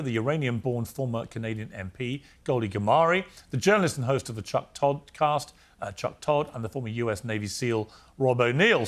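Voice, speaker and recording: Casting note: middle-aged male talk show host, brisk, cuts in to steer the debate, mid-pitched. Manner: brisk, interrupting. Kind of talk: TV debate hosting.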